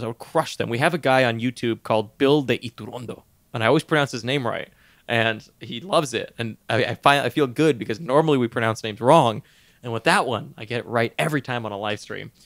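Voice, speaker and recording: A man co-hosting a podcast in casual sports chat, animated, laughing often and tripping over his words. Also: mid-range voice, no room sound. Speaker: podcast co-host.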